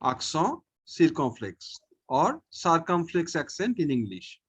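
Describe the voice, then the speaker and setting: A man teaching a French lesson online, slowly and patiently, repeating each sound and often checking in with "okay". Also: on the high side, sing-song, slightly rough.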